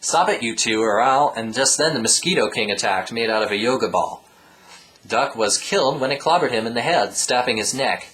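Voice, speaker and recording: Man, comic storybook read-aloud, deadpan asides, lively pitch. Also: a little fast, rough recording. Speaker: reader.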